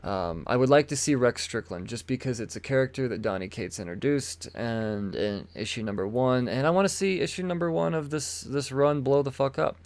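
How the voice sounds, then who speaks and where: A man's voice: medium pitch, normal speed, hardly any pauses, darkish tone, no echo. A man hosting a comic book podcast, talking casually and with enthusiasm, rambling and often repeating his words as he goes. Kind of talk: casual solo talk showing comics.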